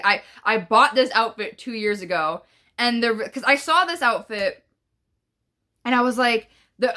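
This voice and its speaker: A woman's voice: on the high side, sharp tone. A young woman telling a rambling storytime at home, swearing casually and filling her talk with "like" and "bruh". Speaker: vlogger. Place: at home, indoors.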